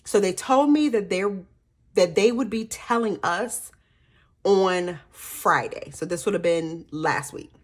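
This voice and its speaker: A woman, chatting casually to viewers as a planner vlogger, animated and slightly hoarse. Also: medium pitch, slow pace. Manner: chatty, animated storytelling with frequent laughs.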